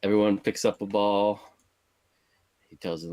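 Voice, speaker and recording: A man co-hosting a casual movie podcast, recapping the plot in a laid-back, halting way with lots of uh and restarts. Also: sits low, little pitch movement, mellow, no room sound. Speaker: podcast co-host.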